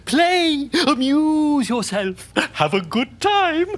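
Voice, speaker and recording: A woman putting on the voice of a doting king sending his daughter out to play, with gentle fatherly instructions in a live children's show. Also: high-pitched, big pitch swings, slow pace, full character voice.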